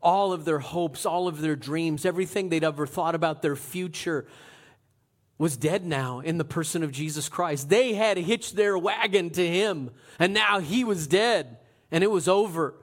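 High-voiced preacher in a lively sermon. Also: male voice, moderate pace. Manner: animated storytelling, swinging from loud to hushed. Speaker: pastor.

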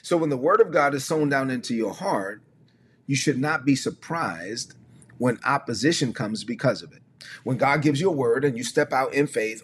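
A male pastor delivering a streamed sermon with steady emphasis, circling back over his points and urging listeners to repeat phrases after him. His pitch sits in an ordinary middle range for a man. There is a faint hiss under his voice. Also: moderate pace. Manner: emphatic, repetitive, prompts listeners to respond.

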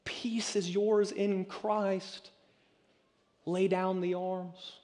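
A male pastor preaching a sermon, swinging from loud urgent calls down to hushed, near-whispered lines. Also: high-pitched, flat delivery, drawn-out words. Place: church sanctuary. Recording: long hall reverb.

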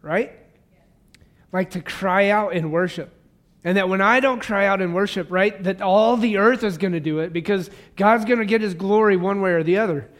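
High-voiced fervent male pastor. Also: moderate pace, a bit bright. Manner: fervent, conversational preaching with casual asides. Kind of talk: sermon. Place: church service.

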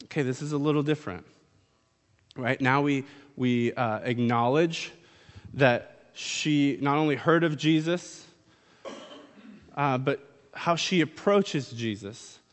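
A man's voice: mid-range voice, slow, long pauses. A man preaching a sermon in a casual, conversational way, reading scripture aloud and then explaining it. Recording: long hall reverb.

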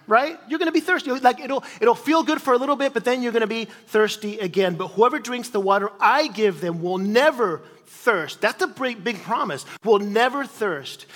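A man's voice: high voice, fairly bright tone. A pastor in his forties giving a sermon, talking conversationally and with animation, with repeated phrases and questions to the congregation. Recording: reverberant hall.

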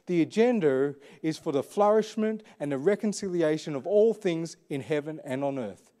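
A man's voice: a little high, lively intonation, moderate pace, dark tone. A man preaching a sermon as a pastor, in a conversational, questioning way with frequent fillers.

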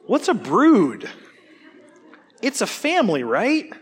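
Leading a Bible study class, a man poses questions to the group and cracks jokes between points. He's animated, full of quick asides, and his husky voice sits high.

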